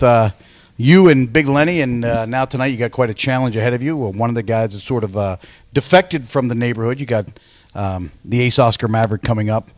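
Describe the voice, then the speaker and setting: A man hosting a wrestling show in a laid-back, chatty way, pausing often on "uh". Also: medium pitch, dry recording. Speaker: show host.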